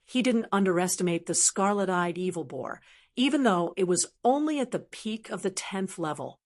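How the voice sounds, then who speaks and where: A woman narrating a martial arts audiobook in steady, even storytelling. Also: mid-range voice, normal speed. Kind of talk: scripted narration.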